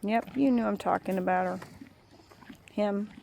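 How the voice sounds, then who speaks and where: A woman's voice: mid-range voice, a little slow, creaky, a little hiss or hum. Woman cooing baby talk to a cow. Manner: sing-song baby talk to a cow, drifting into soft musings. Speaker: animal lover talking to a cow. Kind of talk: rambling talk to an animal. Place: outdoors by a cow pasture.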